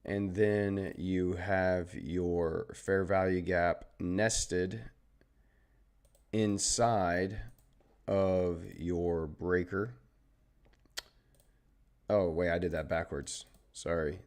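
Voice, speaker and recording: A man's voice: low voice, steady tone, extremely slow, long pauses, darkish tone. A man with a Southern Texan accent, hosting a live trading stream and explaining charts in an easygoing, chatty way while greeting viewers. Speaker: trading livestream host. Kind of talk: casual live trading commentary.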